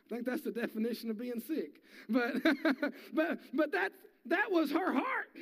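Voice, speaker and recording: A pastor preaches to his church in a high, gravelly voice. His folksy sermon builds into fervent preaching. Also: lively intonation, measured pace, hardly any pauses, a bit bright. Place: church sanctuary.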